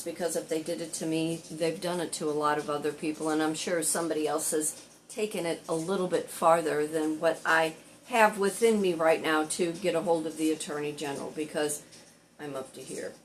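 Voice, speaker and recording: A chatty older woman talks straight to camera in a loose, wandering way, now and then jumping up into lively quoted dialogue. Her voice sits a little low, with a faint hiss of room noise underneath. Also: moderate pace, low-quality recording. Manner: rambling, chatty, animated when quoting others. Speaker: content creator and bartender. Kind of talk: casual vlog storytelling.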